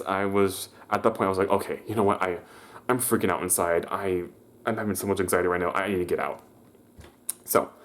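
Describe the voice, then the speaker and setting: Rambling through a story on his casual vlog, this young man's low voice is full of restarts and stammers, and he raises it when acting out the people he quotes.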